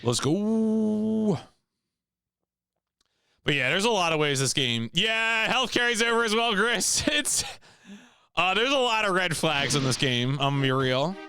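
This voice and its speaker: A man's voice: sits high, big pitch swings, normal speed, bright, forceful tone, clear, resonant tone. Chatty young man playing a game. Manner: rambling, many "like" fillers, laughs to himself. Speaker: let's play host. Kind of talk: casual game commentary.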